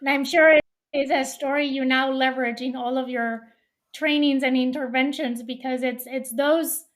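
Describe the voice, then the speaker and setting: High-voiced woman hosting a podcast. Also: fairly even intonation, normal speed. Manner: affirming, reflective interviewer. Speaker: podcast host. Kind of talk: interview host and read ad.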